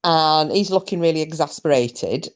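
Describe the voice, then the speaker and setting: A woman's voice: low voice, normal speed. A young woman telling a story casually to her live chat, laughing often, swearing freely and poking fun at herself. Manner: laughing, swearing, self-mocking. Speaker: streamer.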